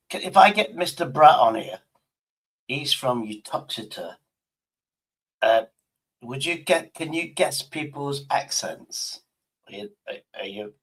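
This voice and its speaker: Husky derbyshire bloke, bit drunk, rambling n swearing at an ai on his stream. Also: mid-range voice, fairly bright tone, rough recording. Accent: Derbyshire English. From Derbyshire, England. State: tipsy. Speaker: live stream host. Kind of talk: casual chat with an AI.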